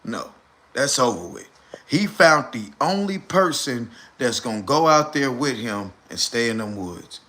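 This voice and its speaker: A man's voice: mid-range voice, lively intonation, unhurried, bright, forceful tone. A man talking casually on a live stream. He comments animatedly and repeats points for emphasis.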